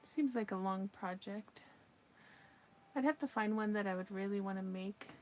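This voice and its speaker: A woman in a relaxed livestream chat, talking to her viewers while she crochets. Her voice sits at an ordinary middle pitch and she keeps an easygoing, chatty manner. A faint hum of background noise runs under the recording. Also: normal speed. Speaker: livestream crafter.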